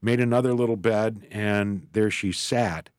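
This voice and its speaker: Male guest, earnest storyteller, lowish voice, dry studio sound. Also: unhurried, no room sound. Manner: earnest, rambling, acts out quoted voices. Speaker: author and guest. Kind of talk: storytelling in an interview.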